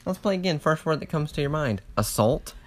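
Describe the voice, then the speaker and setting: Man, casual chat, teasing, playful, animated pitch, quick laughs. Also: slight background noise. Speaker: partner in a couple's game session.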